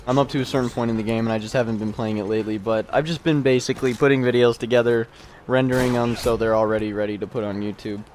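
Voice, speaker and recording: A young man in his twenties talks loosely over gameplay, rambling and restarting his sentences and often laughing. His voice sits at an ordinary middle pitch for a man. A faint noise hums under the homemade recording. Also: steady tone, quick pace, a little mellow. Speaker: gameplay commentator. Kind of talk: casual video game commentary.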